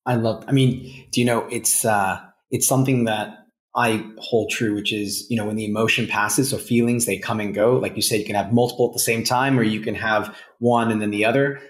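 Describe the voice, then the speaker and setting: A man's voice: on the low side, steady tone, brisk. A man hosting an interview podcast, talking in a loose, reflective way. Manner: loose, many fillers and restarts, reflective. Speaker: podcast host. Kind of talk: interview conversation. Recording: roomy echo.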